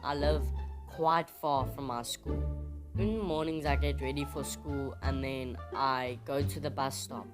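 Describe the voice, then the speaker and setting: A young man from South Africa with a South African accent, telling stories in a chatty, animated way in his room. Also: mid-range voice, unhurried. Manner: chatty, animated, teasing complaints. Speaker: vlogger. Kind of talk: casual storytelling vlog. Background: music.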